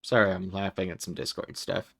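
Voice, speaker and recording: A man's voice: low voice, steady tone, a little fast, gravelly, fairly bright tone, dry recording. A man streaming from home, chatting casually and rambling, with frequent swearing and chuckles. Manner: rambling, profane, chuckles often. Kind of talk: casual livestream chat.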